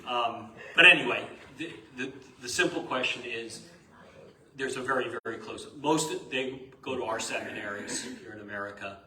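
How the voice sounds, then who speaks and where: A man's voice: mid-range voice, normal speed, pushed and bright, a little hiss or hum. A man, a priest, teaching a parish class in a casual, chatty way, laughing often and telling stories. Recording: echoey room, live stream.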